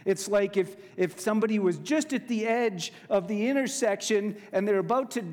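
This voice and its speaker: A male preacher delivering a sermon, slow and emphatic, with casual asides, in a church sanctuary. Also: high voice, a little mellow, in a large hall.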